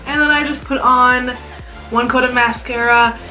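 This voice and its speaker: A woman's voice: high voice, fairly even intonation, moderate pace, bright, forceful tone, far from the mic. Chatty young woman, echoey off-mic room. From South Dakota, US. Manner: chatty, rambling, many "like" fillers. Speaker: beauty vlogger. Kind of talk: casual get-ready-with-me chat. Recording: echoey room, a bit off-mic, faint music.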